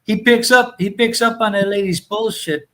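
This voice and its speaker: A man's voice: high voice, fairly even intonation, normal speed, noisy background. A man hosting a casual show, rambling through profane anecdotes full of fillers.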